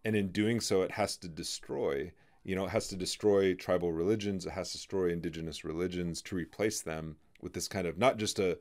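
A man hosting a podcast, talking through ideas in a halting way, full of fillers and restarts. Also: low-pitched, fairly even intonation, a little mellow. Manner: halting, many "you know" fillers and restarts. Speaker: podcast host. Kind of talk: in-depth conversational discussion.

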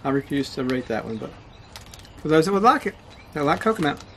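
Gravelly man co-host, quick dry one-liners, faint hiss in the room. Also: on the high side, sing-song, fairly bright tone. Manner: short dry replies, laughs often. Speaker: co-host husband. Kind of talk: casual chat.

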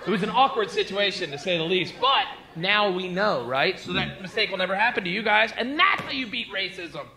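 A man performing a stand-up comedy routine on stage, telling stories loudly and with lots of energy. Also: high voice, a little fast. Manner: loud, animated storytelling. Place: comedy stage before a live audience. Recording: live stand-up with loud crowd noise.

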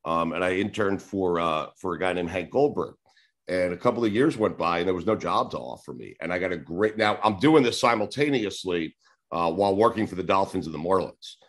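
Guest spot: deep-ish man in his forties from New York, loose rambling anecdotes, casual cursing. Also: lively intonation, fairly quick. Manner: rambling, acts out old conversations, swears casually. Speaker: sports radio host, podcast guest. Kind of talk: casual interview storytelling.

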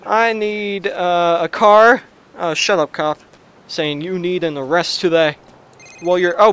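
A young man giving excitable gameplay commentary on his own gaming channel, shouting and yelping at the game between quick chatter. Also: high voice, background noise. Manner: loud, yelps and shouts at the game. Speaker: let's play gamer. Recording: lo-fi restored audio.

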